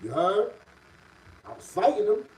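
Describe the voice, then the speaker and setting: A middle-aged man from the Bronx with a New York City accent, telling a story in a casual, streetwise way and rising loud and high when worked up. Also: big pitch swings, a little slow, far from the mic, low-quality recording.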